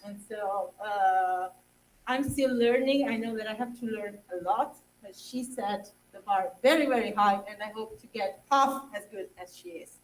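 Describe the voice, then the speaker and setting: A woman's voice: medium pitch, a little hiss or hum. A young woman teacher, close to tears, hesitantly thanks her students and colleagues. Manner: halting, many fillers, trails off. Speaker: young substitute English teacher. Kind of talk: emotional thank-you speech. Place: school assembly hall. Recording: distant mic in a hall.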